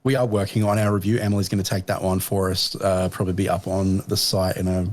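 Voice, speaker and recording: A man hosting a casual podcast chat, an animated storyteller who swears and laughs a lot. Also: sits low, fast talker, slight background noise. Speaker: podcast host.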